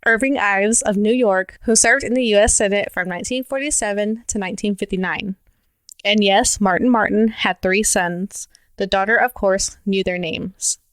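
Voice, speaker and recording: A woman's voice: mid-range voice, normal speed, dry recording. Giggly woman podcast co-host, reading stories. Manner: laughs often while reading. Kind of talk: reading stories, casual chat.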